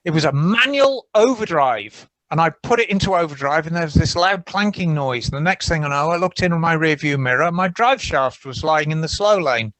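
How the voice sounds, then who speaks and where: A playful man chats and teases on a podcast, telling stories as he goes. His voice sits high and swoops around a great deal. The sound is close and dry. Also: lively intonation, moderate pace, few pauses, a bit bright, no room sound. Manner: playful, teasing storyteller. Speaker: podcast co-host. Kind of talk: casual chat.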